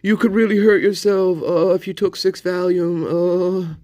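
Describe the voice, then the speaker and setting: A man's voice: high voice, fairly even intonation, a little slow, warm tone, no echo, clean studio sound, pitched above the performer's own voice. A man voicing a goofy, rambling male viewer who stammers with many uhs. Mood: teasing, joking.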